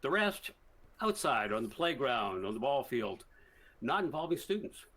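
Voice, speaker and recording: Husky guy, criminology prof on tv news, calm and explainy, keeps citing the numbers. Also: medium pitch, rough recording. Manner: measured, explanatory, stresses statistics. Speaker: criminology professor, guest expert. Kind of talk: remote TV news interview.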